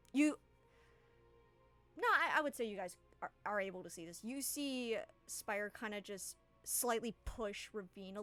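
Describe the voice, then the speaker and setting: A woman's voice: medium pitch, a bit bright. A woman game master narrating a tabletop game in a casual, rambling way with many fillers.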